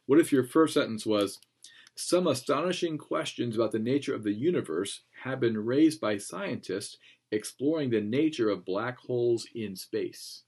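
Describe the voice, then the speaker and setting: A man giving a classroom lecture on clear writing, explaining plainly with frequent ums and reading passages aloud. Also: lowish voice, darkish tone. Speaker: teacher.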